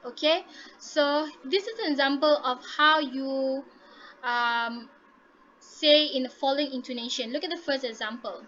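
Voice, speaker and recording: Bright, high-voiced teacher. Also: female voice, measured pace, muffled recording, slight background noise. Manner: encouraging, repeats "okay" often, mixes in Malay. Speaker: English teacher. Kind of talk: online class teaching. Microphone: laptop mic on a video call.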